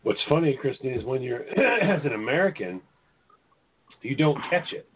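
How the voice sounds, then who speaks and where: A man's voice: mid-range voice, sing-song, moderate pace, crowd noise. A man chatting on a podcast, rambling and often repeating words as he explains things, with some swearing. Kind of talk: casual podcast chat. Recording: tinny phone-like audio.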